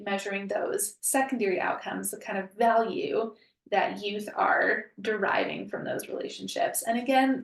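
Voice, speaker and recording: A woman's voice: mid-range voice, vocal fry, roomy sound, distant mic. A woman presenting a professional webinar in a conversational way, with frequent ums and hedges.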